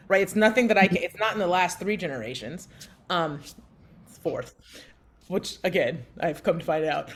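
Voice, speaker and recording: A woman in her thirties co-hosting a podcast, telling a story in lively conversation and acting out the voices of people she quotes. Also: normal speed. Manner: animated, acts out quotes with big pitch jumps. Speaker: podcast co-host.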